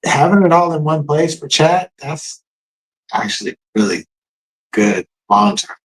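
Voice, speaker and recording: A middle-aged man co-hosting a live stream in relaxed, conversational chat, giving shout-outs. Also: on the high side, unhurried, slight background noise, rough recording. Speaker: live show co-host.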